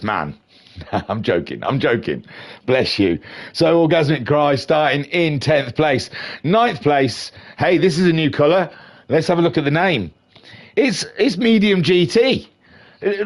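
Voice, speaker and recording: Animated man commentating races. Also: mid-range voice. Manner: chatty, jokey and animated, with playful asides. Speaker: race commentator. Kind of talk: live sim-racing commentary.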